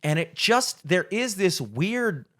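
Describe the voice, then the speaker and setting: A young man rambles through a casual podcast chat, peppering his talk with swears. His voice leaps up and down in pitch as he gets worked up, then drops back to a mutter. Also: takes it slowly. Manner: rambling, swears freely, animated swings in pitch. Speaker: podcast co-host.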